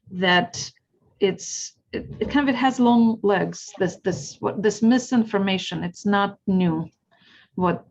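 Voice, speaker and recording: A woman's voice: medium pitch, dull audio. A woman from Ukraine with a Ukrainian accent, a historian giving an earnest, explanatory talk over a video call. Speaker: guest speaker, historian.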